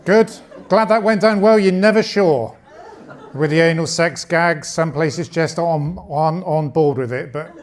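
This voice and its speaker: A man's voice: on the high side, measured pace. A man in his late fifties performs a bawdy stand-up comedy set on a club stage. He speaks into a handheld mic in a slightly raised register. His delivery is conversational and punchy. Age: 50s.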